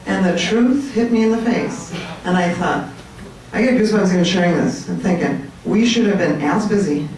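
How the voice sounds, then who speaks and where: A woman giving an animated, chatty talk to a room of people, joking with her audience. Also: lowish voice, moderate pace. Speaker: speaker at a political meetup. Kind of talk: lively speech to a crowd. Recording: echoey room, mic at a distance.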